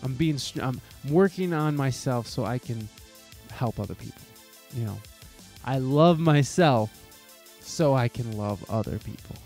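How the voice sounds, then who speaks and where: A man's voice: medium pitch, animated, measured pace, darkish tone, faint music behind. A man hosting a podcast, giving a heartfelt, profane, rambling monologue full of restarts. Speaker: podcast host.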